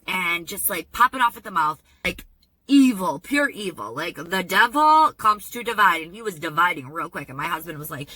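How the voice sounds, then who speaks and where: A woman telling a personal story in a vlog, in an animated, emphatic storytelling manner. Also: lowish voice, normal speed, poor audio. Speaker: vlogger.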